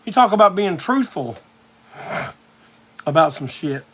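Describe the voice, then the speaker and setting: A man's voice: high-pitched, sing-song, measured pace, fairly bright tone. A man hosting a live music show, telling a rambling, profane story in a casual monologue.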